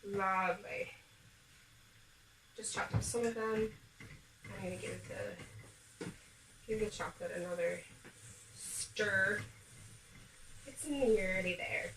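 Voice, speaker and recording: Bright-voiced woman vlogging in an echoey kitchen. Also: mid-range voice, slow, pauses often, slight background noise. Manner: chatty, upbeat, talking to viewers while cooking. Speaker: home baking vlogger. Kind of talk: casual cooking demonstration. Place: home kitchen. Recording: echoey kitchen, mic a bit far off.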